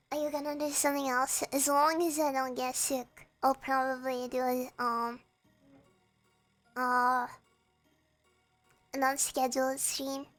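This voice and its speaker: A young woman streaming, with a hoarse, croaky voice, chatting hesitantly and reading viewer messages aloud. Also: sits high, fairly bright tone. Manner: slow, hesitant, reads chat aloud and answers. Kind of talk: casual chat with viewers.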